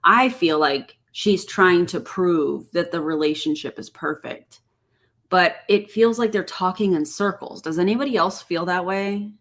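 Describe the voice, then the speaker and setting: A woman's voice: fairly low pitch, measured pace, a bit bright. Skeptical woman commenting on a clip. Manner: skeptical, questioning asides. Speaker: live stream commentator. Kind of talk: casual commentary on a podcast clip.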